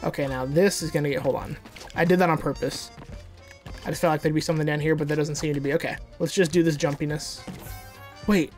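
A gamer talks through a platform game in loose, casual commentary, cursing freely and hyping up their own skill. Quiet game music sits under the voice. Sudden excited yelps break up the running chatter. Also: mid-range voice, quick pace. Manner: profane, excitable, boastful trash talk with sudden outbursts. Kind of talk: casual let's-play commentary. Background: faint game music.

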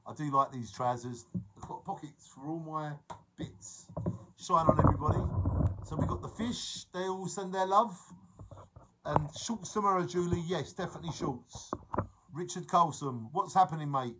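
A man's voice: on the high side, normal speed, heavy background noise. A man, chatting casually and jokily on his live stream and greeting viewers by name. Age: 40s. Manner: chatty, jokey, reads out viewer names.

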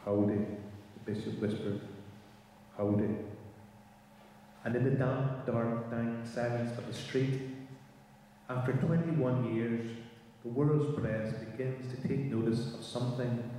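A man, a mediator giving a measured, thoughtful workshop talk and reading a poem aloud. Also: mid-range voice, fairly even intonation, warm tone, slight background noise. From Northern Ireland. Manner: measured, thoughtful, asks the audience questions. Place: large chapel. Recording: echoey chapel, mic far off.

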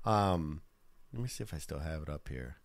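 A man's voice: extremely low pitch, expressive, moderate pace. A man hosting a casual podcast, laid-back and swearing freely, laughing between his points. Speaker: podcast host.

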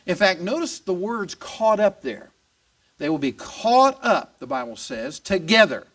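A male pastor preaching a sermon in an animated, emphatic way, questioning and answering his congregation. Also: high voice, unhurried. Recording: voice distant from the mic.

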